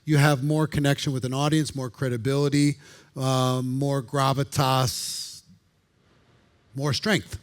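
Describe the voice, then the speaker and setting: A man from Minnesota who trains presenters, talking conversationally and repeating words as he starts his sentences. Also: flat delivery. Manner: deliberately lowered voice, repeats words when starting out. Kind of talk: conversational talk on public speaking.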